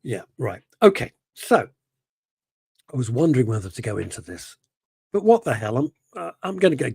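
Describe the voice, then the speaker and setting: A man's voice: mid-range voice, sing-song, fairly quick, vocal fry, mellow, husky, dry recording, clean studio sound. A middle-aged man hosting a radio show, chatting casually in a rambling, self-interrupting way and reading out listener messages.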